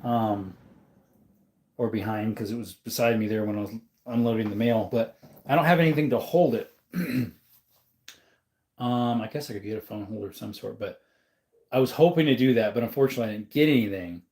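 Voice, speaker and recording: A man from Arizona rambling casually while answering viewer comments on a livestream, his throat rough and dry, filmed on a phone on a stand. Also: lowish voice, fairly quick, pauses often, a little mellow. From Arizona, USA. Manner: rambling, with many ums and laughs. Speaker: livestream host. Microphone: phone camera on a stand.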